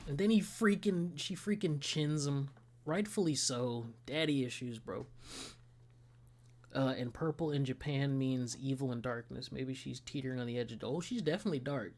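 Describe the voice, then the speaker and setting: Slangy, excitable young-sounding man. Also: mid-range voice, normal speed. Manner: slangy, excitable, laughs often. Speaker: gaming streamer reacting to a trailer. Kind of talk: casual reaction commentary.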